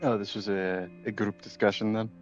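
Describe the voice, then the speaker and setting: A man's voice: fairly low pitch, level tone, moderate pace, lo-fi sound, soft background music, close to an everyday voice. A man voicing a wary male companion who questions why he is left out, in a guarded, mildly hurt tone.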